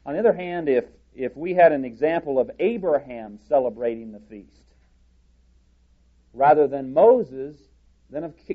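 A man preaching a sermon from a church podium, deliberate and halting, with frequent restarts. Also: on the high side, highs cut off.

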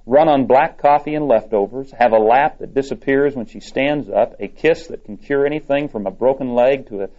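A man's voice: mid-range voice, moderate pace, hardly any pauses, pitched above the performer's own voice, natural voice. A man reading the part of the Lord, an eager male creator, in a storytelling tone. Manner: read aloud in a storytelling tone. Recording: dull lo-fi recording.

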